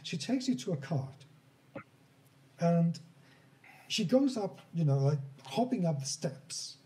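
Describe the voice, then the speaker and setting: Slow, mellow-voiced male game master. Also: fairly high pitch, animated. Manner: unhurried descriptive narration with restarts. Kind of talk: narrating a tabletop game.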